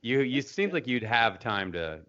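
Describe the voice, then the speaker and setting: A man's voice: medium pitch, big pitch swings, measured pace, a bit bright, highs cut off. A man co-hosting a podcast, asking dry, teasing questions in casual chat. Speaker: podcast co-host.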